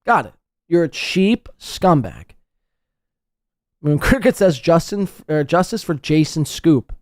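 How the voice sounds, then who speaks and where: Animated, mocking male podcast host. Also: a little high, takes it slowly, dry recording, studio quality. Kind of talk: profane commentary over played clips.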